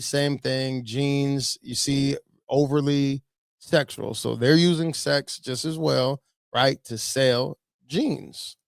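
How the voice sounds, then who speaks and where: Gravelly man giving blunt preachy commentary. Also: mid-range voice, dry recording, studio quality. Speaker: pastor.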